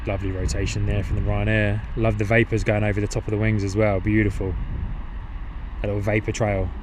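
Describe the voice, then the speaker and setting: A man's voice: lowish voice, level tone, a little fast, background noise. A man with a New Zealand-tinged English accent, casually commentating live outdoors beside an airport and chatting with viewers, often repeating his own phrases. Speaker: plane-spotting livestream host.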